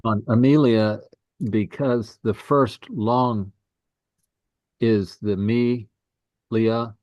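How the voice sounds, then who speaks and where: A low-voiced man asks slow, careful questions in an online Latin class. His audio is dry and a little dull, as on a video call. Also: fairly even intonation, darkish tone, no room sound. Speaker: student asking a question.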